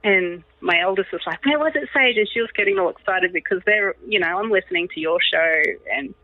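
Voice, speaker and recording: A woman in her thirties, a podcast guest telling a personal story in an animated way, laughing often. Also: fairly low pitch, fairly quick, no echo. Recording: tinny phone-like line, dry.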